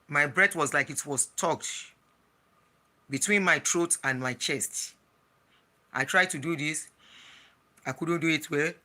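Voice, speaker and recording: An adult vlogger with a Nigerian accent and a very bright, sharp tone. The story comes out as casual chat that mixes in Pidgin. It is full of small restarts and asides. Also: medium pitch. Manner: chatty, slips into Pidgin, frequent restarts. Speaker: travel and lifestyle vlogger.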